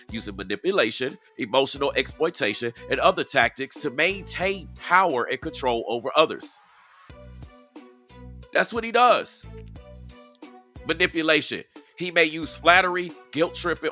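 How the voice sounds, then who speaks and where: A fairly high-pitched man with a sharp tone runs an outdoor live-stream commentary. Casual and emphatic, he speaks right to his audience and keeps repeating things to drive them home.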